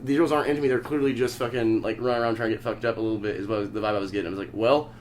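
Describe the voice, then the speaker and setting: A man's voice: on the low side, steady tone, racing, a little mellow, slight background noise. A young man from Oklahoma hosting a podcast, telling a long story in casual chat, rambling and swearing constantly. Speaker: podcast host.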